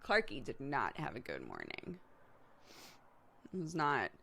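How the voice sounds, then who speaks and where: A woman's voice: a bass voice, huge pitch swings, a little slow, creaky, pushed and bright. A woman in her thirties hosting a live stream, chatting casually with viewers and laughing often as she tells stories about her toddler. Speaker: streamer host.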